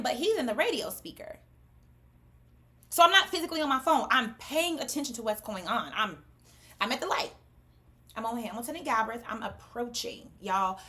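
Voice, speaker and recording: A woman's voice: on the high side, expressive, normal speed, bright, forceful tone. A woman, casually telling viewers a story on a livestream, emphatic and swearing freely. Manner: addresses viewers as "y'all" and "baby". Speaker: cosmetics brand owner livestreaming.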